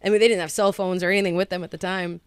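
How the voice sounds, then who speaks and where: Animated woman telling a story, dry mic. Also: lowish voice, rapid-fire, clean tone, dry recording. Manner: animated storyteller acting out quotes. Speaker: guest. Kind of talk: casual chat.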